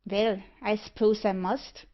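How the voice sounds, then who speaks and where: A woman voicing a wary, rough-spoken male rogue called the Sandman in a storybook reading. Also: mid-range voice, steady tone, slow, natural voice. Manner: rough dialect speech. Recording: muffled lo-fi audiobook recording.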